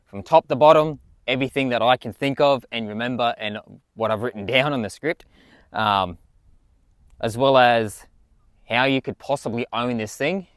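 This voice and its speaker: A man's voice: mid-range voice, moderate pace, no room sound, clean studio sound. A man walking through his vehicle build in a casual, enthusiastic way, swearing freely. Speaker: vlogger.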